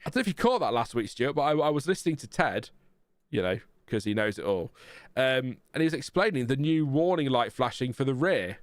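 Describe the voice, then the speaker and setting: A man's voice: mid-range voice, lively intonation, a little fast, dry recording, clean studio sound. A man hosting a live watchalong, chatting casually and laughing often. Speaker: livestream host.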